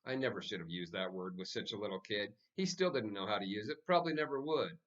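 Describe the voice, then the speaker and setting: Lively male storybook narrator. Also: fairly low pitch, fast talker, highs cut off. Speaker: audiobook narrator. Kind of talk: scripted narration.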